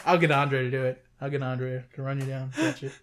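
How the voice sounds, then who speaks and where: A young man co-hosting a podcast, telling work stories in casual, profane, animated chat. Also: mid-range voice, a little fast. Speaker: podcast co-host.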